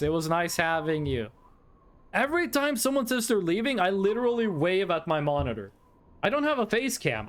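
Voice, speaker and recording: A man's voice: high voice, slight background noise. A man from Norway, chatting casually with his stream chat in a playful, rambling, teasing way.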